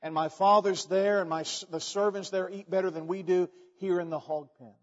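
Preacher doing earnest young man come home, high voice, big echoey hall. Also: steady tone, brisk, lightly acted. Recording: echoey hall, dull sound.

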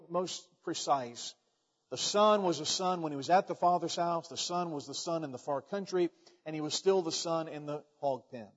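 Male preacher, folksy repetitive storyteller; high voice, muffled hall recording. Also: darkish tone. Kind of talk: sermon. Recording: echoey hall, dull sound.

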